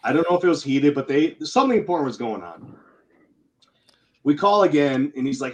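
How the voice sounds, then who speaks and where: A man, a retired Air Force NCO, telling old stories to friends in a lively, laughing, swearing way. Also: medium pitch, fairly quick, poor audio. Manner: animated, laughing, swearing, acting out quotes. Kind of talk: casual storytelling among old friends.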